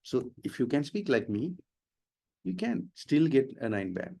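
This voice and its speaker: Middle-aged Sri man, IELTS trainer, explanatory lecture delivery, mid-pitched. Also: very animated, unhurried, gravelly, warm tone, breathy edge. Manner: explanatory, switches between English and Sinhala. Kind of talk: webinar lecture.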